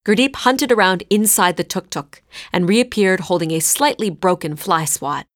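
A woman narrating a scripted story in a clear, measured way. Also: lowish voice, no room sound, clean studio sound.

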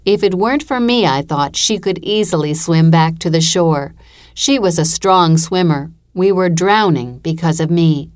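A woman reads a first-person story aloud in a measured, even storytelling manner, as an audiobook narrator. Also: lowish voice.

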